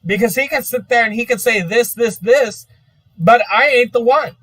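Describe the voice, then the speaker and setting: A man's voice: extremely high pitch, normal speed, a bit bright, dry recording. A man ranting in an exasperated, profane monologue full of repetition. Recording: dry, distant from mic.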